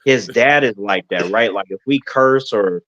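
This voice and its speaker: A man's voice: lowish voice, a little slow, fairly bright tone. A man hosting a podcast, giving blunt, opinionated takes with plenty of swearing in a casual chat. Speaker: podcast host. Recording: lo-fi dull audio.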